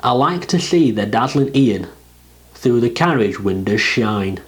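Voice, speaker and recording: A man recites a dialect poem slowly and deliberately, letting his pitch swing widely from line to line. His delivery is expressive and animated, with each verse given weight. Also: poor audio. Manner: expressive, rising and falling delivery. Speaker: poetry reader.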